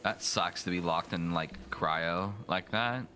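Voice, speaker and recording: A man streaming a video game, rambling and joking, now and then jumping into silly high voices. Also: slow pace, bright, forceful tone, slight background noise. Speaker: gaming streamer. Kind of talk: casual let's play commentary. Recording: game music behind the voice.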